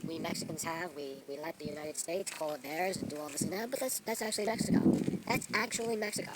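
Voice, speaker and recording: A man's voice: high-pitched, recorded from a distance, very noisy, natural voice. A man in character as a grandiose self-proclaimed real Mexican, lecturing and boasting in a rambling improvised comedy monologue outdoors among trees. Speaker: vlogger in character.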